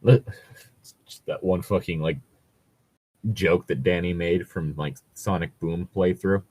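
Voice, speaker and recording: A man's voice: deep voice, fairly even intonation, slow, darkish tone. A man reading a fan story aloud in a casual comedic read-along, laughing often and swearing through rambling asides.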